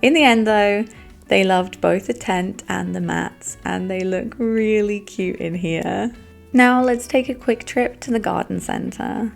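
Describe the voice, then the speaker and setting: Woman vlogger, gravelly voice, chatty and upbeat, soft music behind. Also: mid-range voice, measured pace. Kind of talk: casual vlog voice-over.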